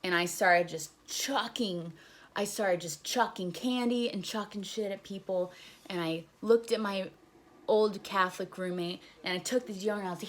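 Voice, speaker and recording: A woman's voice: mid-range voice, normal speed. A young woman casually telling a story on her vlog, candid and profane, retelling events with animation. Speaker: vlogger.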